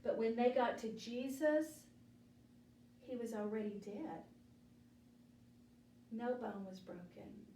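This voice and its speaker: A woman teaching a children's Bible study, telling the story slowly and deliberately and asking the children questions. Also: fairly high pitch, warm tone, a little hiss or hum. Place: church room. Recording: echoey room, mic at a distance.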